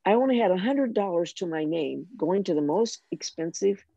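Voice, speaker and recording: An older woman telling a personal faith story in conversation, animated and self-mocking, with frequent restarts. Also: on the low side, normal speed, vocal fry, no echo, dull audio. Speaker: guest sharing her testimony.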